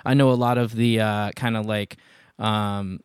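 A man's voice: fairly low pitch, fairly even intonation, measured pace, clear, resonant tone, no echo, clean studio sound. A young adult man hosting a casual podcast chat, speaking in an easygoing, hesitant way with many fillers. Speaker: podcast host. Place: home studio in Greenwood.

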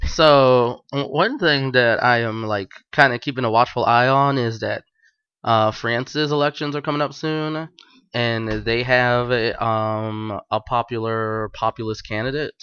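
A man's voice: mid-range voice, steady tone, measured pace, fairly bright tone, smooth, no echo, dull audio. A man co-hosting a casual podcast chat, answering in short replies and laughing often.

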